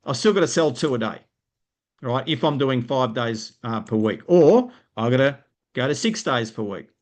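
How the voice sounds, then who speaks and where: Australian man, business coach, live stream teaching, energetic, explanatory, mid-pitched voice. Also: normal speed. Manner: energetic, explanatory, frequent rhetorical "right?".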